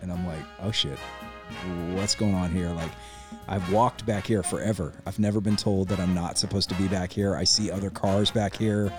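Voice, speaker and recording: A man hosting a podcast, telling a story in a laid-back, slangy way with lively energy. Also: deep voice, a little fast, over music. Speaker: podcast host. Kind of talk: casual storytelling.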